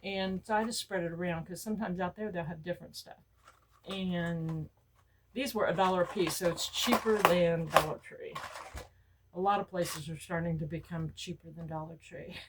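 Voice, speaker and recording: Older woman, lowish voice, casual chatty haul vlogger who keeps quoting herself. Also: fairly even intonation, moderate pace, heavy background noise. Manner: chatty storyteller, quotes herself in high bursts. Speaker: vlogger showing store purchases. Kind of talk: casual haul chat to camera.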